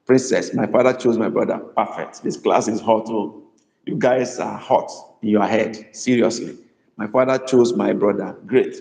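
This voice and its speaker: A man teaching a live online language class, patiently repeating phrases slowly for his students. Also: on the low side, vocal fry, darkish tone. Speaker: Igbo language tutor. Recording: echoey room with long reverb.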